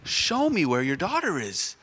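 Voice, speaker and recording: A man voicing a calm, reassuring healer in a retold story, in an echoey church hall. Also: a little high, measured pace, a little hiss or hum, heavily acted. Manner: gentle, reassuring. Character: calm, kind male healer.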